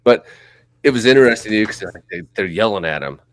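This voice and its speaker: A man's voice: lowish voice, lively intonation, fairly quick. A middle-aged man co-hosting a podcast, telling loose, profane, rambling stories in casual chat. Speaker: podcast co-host.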